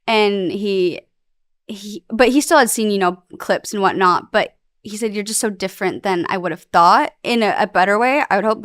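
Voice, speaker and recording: A woman's voice: medium pitch, a bit bright, no echo, studio quality. A young woman talking candidly as a podcast guest, rambling and emotional, with plenty of fillers. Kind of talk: candid interview talk.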